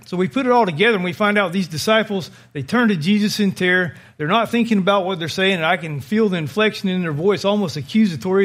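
Male preacher, higher-pitched, vivid storyteller in the pulpit. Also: fast, few pauses, a bit bright. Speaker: pastor. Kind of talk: sermon.

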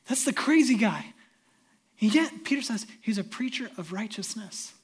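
A middle-aged male pastor preaching a sermon, swinging from loud emphatic peaks down to hushed near-whispers. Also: high voice, expressive, moderate pace, breathy edge.

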